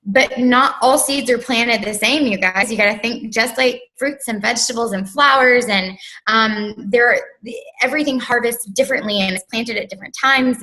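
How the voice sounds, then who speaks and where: A woman's voice: on the high side, pushed and bright, poor audio. A woman telling a personal story as an interview guest, earnest and chatty, with many "um"s and "like"s. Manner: earnest, filler-heavy, with frequent "like" and "um". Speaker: interview guest, network marketer.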